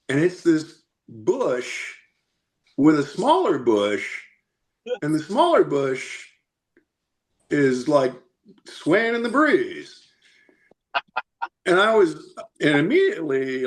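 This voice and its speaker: Podcast guest, male, slightly higher pitch, animated storyteller. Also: unhurried, pauses often. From United States. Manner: animated, chatty, laughs often. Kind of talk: casual storytelling.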